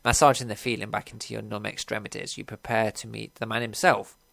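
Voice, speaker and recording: A man's voice: fairly low pitch, little pitch movement, a little fast, vocal fry, a bit bright, no room sound. A man casually playing through a video game, reading its text aloud and commenting with swearing and laughter. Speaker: let's player.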